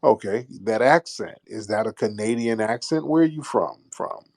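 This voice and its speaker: A man's voice: lowish voice, expressive, moderate pace, darkish tone. A man hosting a live call-in room, bantering with callers in a crude, mocking, joking way.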